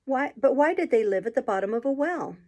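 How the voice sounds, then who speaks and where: A polite, curious little girl in a storybook, asking earnest questions in a soft, slightly breathy voice, as a woman reader puts her on. She sounds eager and well-mannered, with a lift in her tone. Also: sits high, lively intonation, fairly quick, voice pushed up.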